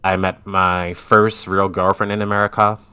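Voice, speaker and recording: A man's voice: sits low, little pitch movement, normal speed, pushed and bright, clean tone. A Japanese man, a podcast guest speaking English as a second language, chatting casually and earnestly. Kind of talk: casual chat.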